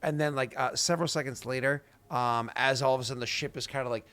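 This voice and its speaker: A man's voice: mid-range voice, fairly even intonation, fast talker, a bit bright, smooth. Rambling male game master. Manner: rambling, many fillers and restarts, vivid sound effects. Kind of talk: narrating a tabletop game.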